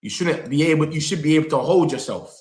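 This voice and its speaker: Excitable young man. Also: on the high side, quick pace. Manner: animated, slangy, talks straight to viewers and reads comments aloud. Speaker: football fan channel host. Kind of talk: excited live reaction vlog. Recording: echoey room.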